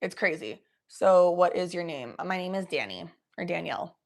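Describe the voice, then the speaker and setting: A woman's voice: on the low side, animated, normal speed, vocal fry. A young woman from the Cincinnati area, chatting casually on a livestream, swearing freely and reading chat aloud. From Cincinnati area, USA. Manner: chatty, swears freely, reads chat aloud, slips into baby talk for pets.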